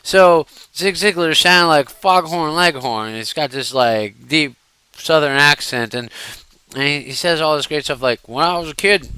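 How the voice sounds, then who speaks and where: Animated, bright-voiced male storyteller. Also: on the high side, measured pace, smooth, no room sound, poor audio. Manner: animated, digressive, addresses viewers directly; fidgety while talking. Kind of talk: casual storytelling to camera.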